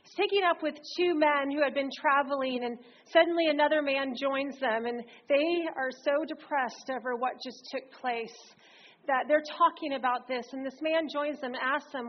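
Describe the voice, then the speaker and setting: Woman preaching, high voice, lively storyteller, kinda muffled recording. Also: moderate pace. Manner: lively storytelling, reads scripture aloud with emphasis. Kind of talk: sermon. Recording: slightly dull recording.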